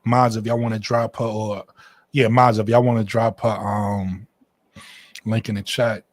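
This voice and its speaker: A man's voice: fairly low pitch, flat delivery, measured pace. A man hosting a casual livestream panel, teasing and emphatic, hammering points home with repeated questions. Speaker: livestream host.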